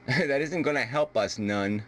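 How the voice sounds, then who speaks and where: A man's voice: medium pitch, slow pace, a bit bright, a little hiss or hum. A man from the United States arguing heatedly in a video debate, combative and full of profanity. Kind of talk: heated argument.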